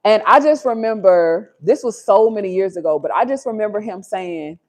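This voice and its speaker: A woman's voice: medium pitch, lively intonation, normal speed, darkish tone. Heartfelt woman livestreaming from home. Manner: heartfelt, confessional, addresses viewers as y'all. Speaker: livestream host. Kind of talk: candid livestream storytelling. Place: her home.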